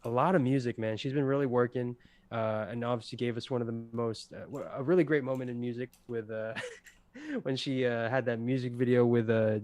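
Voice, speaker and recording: Young male podcast co-host, casual rambling chat, dry close sound, medium pitch. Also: fairly quick, darkish tone, dry recording. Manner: rambling, many fillers, laughs easily. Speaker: podcast co-host presenting awards.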